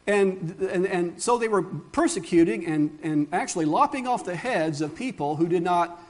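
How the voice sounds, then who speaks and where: A man's voice: high voice, lively intonation, normal speed. A middle-aged male pastor preaching a sermon in an earnest, conversational way, with asides and restarts.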